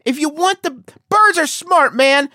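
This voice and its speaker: A man co-hosting a comedy podcast, delivering animated mock-serious rants in casual banter. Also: very high voice, unhurried, dry recording, studio quality. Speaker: podcast co-host.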